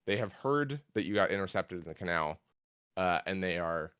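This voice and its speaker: A man running a tabletop game as game master, narrating haltingly with many fillers. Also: sits low, animated, a bit bright, clean tone.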